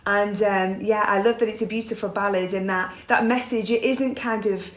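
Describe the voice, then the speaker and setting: A woman's voice: mid-range voice, steady tone, normal speed, roomy sound. A woman in her forties from England, a singer chatting in an interview and telling stories. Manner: chatty, warm-hearted storytelling with laughs. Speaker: guest singer. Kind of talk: casual interview chat.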